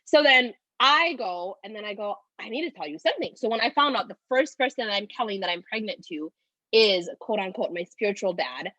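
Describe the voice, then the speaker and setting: A woman's voice: mid-range voice, lively intonation, brisk, pushed and bright, no room sound, dull audio. A woman in her twenties, teary and rambling, telling a personal story with many "like"s. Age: 20s. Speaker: guest.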